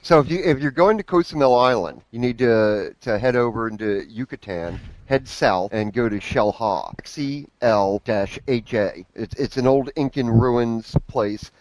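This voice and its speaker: A man's voice: mid-range voice, lively intonation, measured pace, hardly any pauses, a little mellow, no room sound, rough recording. A man chatting and joking on a casual group call from his computer at home, rambling with restarts. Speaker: call participant.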